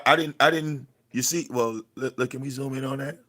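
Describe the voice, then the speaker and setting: Speaking briskly in a steady, sharp, mid-range voice, a man streaming live from his cluttered home room berates someone with profanity and keeps repeating himself.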